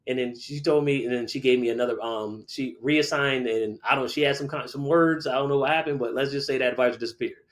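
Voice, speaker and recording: Animated storytelling man in his forties. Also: medium pitch, fast talker, few pauses. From Connecticut, USA. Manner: animated storyteller who acts out quoted people. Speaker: guest, middle school teacher. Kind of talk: casual storytelling interview.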